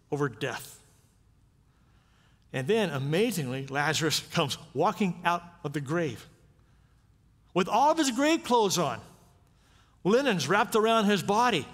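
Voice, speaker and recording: A man's voice: on the high side, a bit bright. A man preaching a sermon as pastor, talking in a conversational way with frequent rhetorical questions. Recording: long reverb of a church sanctuary.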